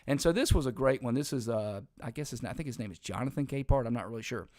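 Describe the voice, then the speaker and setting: A man delivers opinionated political commentary as a show host. He talks emphatically and rambles, often restarting his sentences and tossing in sarcastic asides. His voice has a middling pitch and sounds dry and close, with no room around it. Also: quick pace, a little mellow, no room sound.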